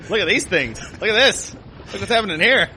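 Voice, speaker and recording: A man's voice: high-pitched, sharp tone, slight background noise, rough recording. A man co-hosting a podcast, bantering casually with friends and laughing often. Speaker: podcast co-host.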